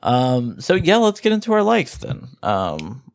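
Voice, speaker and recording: A man's voice: medium pitch, huge pitch swings, measured pace, creaky, no echo, clean studio sound. A man hosting a casual movie podcast, rambling with many fillers and restarts. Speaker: podcast host.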